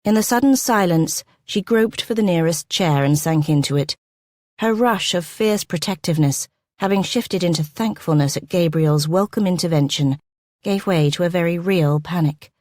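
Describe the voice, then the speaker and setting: A woman narrating a period romance audiobook, her voice fairly low and measured. The reading is expressive and recorded close and dry. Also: dry recording. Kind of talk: scripted narration.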